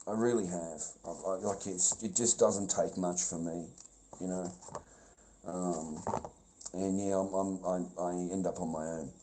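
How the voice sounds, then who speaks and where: A man's voice: steady tone, unhurried, noisy background. A man on a live stream, talking to his chat in a profane, confrontational way, calling everyone mate and brother. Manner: trails off into low mumbling. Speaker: livestreamer.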